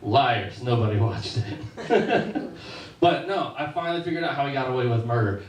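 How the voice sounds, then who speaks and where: A male stand-up comedian performs a set on a club stage, telling stories in a casual, conversational way. His voice is medium-pitched and recorded from a distance, slightly off-mic, in an echoey club room.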